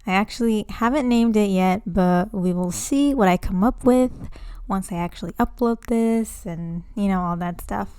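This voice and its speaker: Young female podcast host, casual and rambling, nervous excitement, clean dry home recording. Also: mid-range voice, moderate pace, smooth, no echo. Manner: chatty, nervous and excited, many fillers. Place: home room, indoors. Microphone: home microphone.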